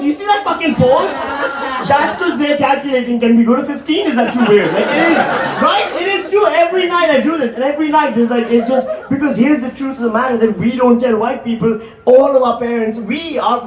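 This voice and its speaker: Animated stand-up comic in a roomy hall. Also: male voice, extremely high pitch. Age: 40s. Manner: animated, crowd work with audience members. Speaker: stand-up comedian. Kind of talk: stand-up comedy set. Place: live comedy venue with audience. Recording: roomy live hall, distant mic, crowd laughter.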